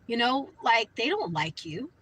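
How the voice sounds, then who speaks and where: A woman's voice: on the high side, sing-song, measured pace, fairly bright tone, slightly rough, low-quality recording. A woman speaking fervently about faith and spirits, warning listeners with many "you know" fillers. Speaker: Christian vlogger. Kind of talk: earnest religious talk.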